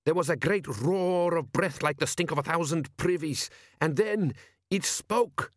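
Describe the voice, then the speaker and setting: A man's voice: high-pitched, very animated, takes it slowly, a bit bright, no room sound, studio quality, pitched above the performer's own voice, exaggerated voice. A man reading an audiobook voices a frightened sailor who moans his story of a sea monster. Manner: moaning, fearful. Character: frightened older male sailor, lookout.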